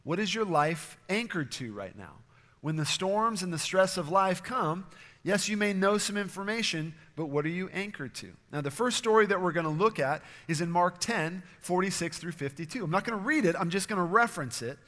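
A man preaching a sermon as pastor, earnest and steady, sometimes acting out quoted voices. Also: high-pitched, moderate pace, big-room sound.

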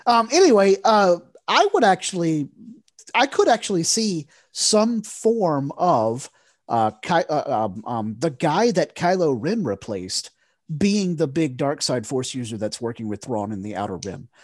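A man co-hosts a casual podcast chat, rambling along with plenty of fillers. His pitch swings up and down a lot as he gets going. The sound is dry and close. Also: big pitch swings, unhurried, dry recording. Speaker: podcast co-host.

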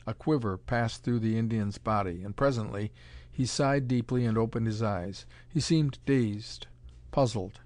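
A man reading a pulp adventure story aloud in a dramatic, measured narration. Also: lowish voice, a little mellow, no room sound.

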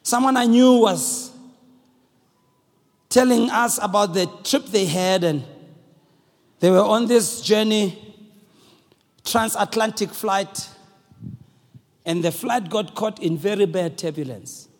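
A male preacher telling a story in a sermon, animated and calling out to his congregation. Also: high voice, slow, long pauses, long reverb tail.

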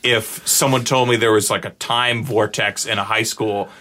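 A man's voice: on the low side, fairly even intonation, moderate pace, sharp tone. A man explaining improv comedy in casual conversation, often checking in with "you know what I mean?". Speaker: improv teacher. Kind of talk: casual chat.

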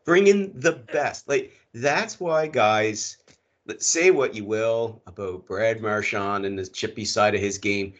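A middle-aged man co-hosts a casual hockey podcast, his fairly low, fairly bright voice moving at a measured pace. He rants with plenty of swearing and emphatic repetition, and the recording sounds muffled and lo-fi.

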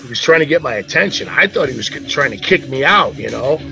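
A man's voice: medium pitch, fast talker, gravelly, soft background music. A man telling a rowdy story as a podcast co-host, swearing freely and acting out the voices of the people in it. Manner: profane, animated, acts out quoted voices. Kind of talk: casual storytelling.

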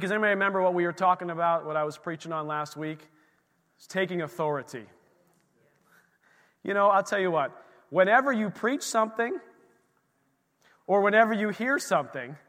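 A bright, high-voiced man in his thirties preaches to his congregation, spinning lively stories and acting out the voices in them. His voice rings with the long reverb of a church hall. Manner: animated, acts out quoted voices, folksy asides. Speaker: pastor. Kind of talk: energetic sermon storytelling. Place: church sanctuary.

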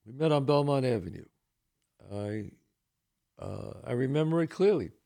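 Older Bronx-accented male podcast host, gravelly voice, lively swooping storyteller who acts out the people he quotes. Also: medium pitch, normal speed. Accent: Bronx New York. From New York. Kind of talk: casual storytelling.

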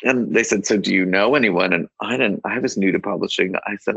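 A deep-voiced man tells a rambling personal story as an interview guest, restarting his sentences and acting out quoted lines. His voice is gravelly and husky. The sound is dry and a bit dull, like lo-fi podcast audio. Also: fairly quick, fairly bright tone, no room sound. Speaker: guest author. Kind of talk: casual anecdotal storytelling.

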